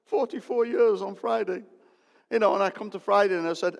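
Pastor in his 60s, fairly high voice, jokey and loud in bursts, big church echo. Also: brisk, gravelly. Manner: lively, joking, loud bursts. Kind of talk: sermon. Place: church hall. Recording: long hall reverb.

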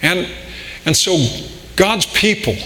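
A man preaching a sermon in a slow, deliberate way, often repeating and restarting words. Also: high-pitched, expressive, pushed and bright. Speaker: pastor. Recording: long reverb in a large hall, faint room noise.

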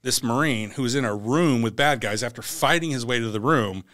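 His mid-range voice a little fast, a man who was a Navy SEAL tells war and court stories in a podcast conversation. He's blunt and animated, acting out the dialogue in quotes as he shares candid stories. The recording is dry and studio quality.

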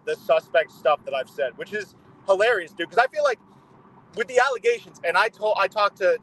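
A young man co-hosting a podcast in casual chat over a video call, joking loudly and padding his talk with "bro" and "like.". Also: high-pitched, slight background noise, rough recording. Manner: fast, loud, joking, lots of "bro" and "like". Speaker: podcast co-host.

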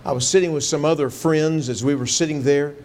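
This pastor's voice sits on the high side for a man, a little mellow, with fairly even intonation and a fairly quick pace. Preaching a sermon, he relates a personal story earnestly and breaks into fervent pleading when repeating his prayers.

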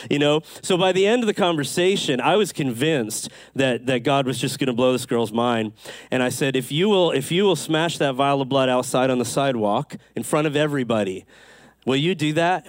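A man preaching a sermon, telling stories with lively acted-out quotes and quick asides. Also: medium pitch, no echo, studio quality. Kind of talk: sermon storytelling.

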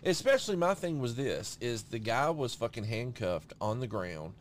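A man's voice: medium pitch, big pitch swings, normal speed, slight background noise. A young man chatting casually on a podcast, swearing freely and saying "bro" often. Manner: swears a lot, says "bro" and "you know what I'm saying". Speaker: podcast host. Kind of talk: casual chat.

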